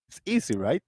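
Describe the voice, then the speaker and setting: A man with a Floridian accent hosting a live call-in discussion, talking in an excitable, rambling way with many restarts. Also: on the high side, breathy edge, no room sound. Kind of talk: casual live-stream chat.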